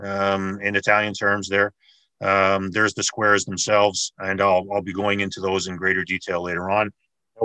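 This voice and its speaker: A man lecturing on military history over a video call, his voice low in pitch, bright and forceful. He explains step by step, thinking aloud with fillers and restarts. The sound is dry and close. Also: no room sound, poor audio. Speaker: military historian giving a talk.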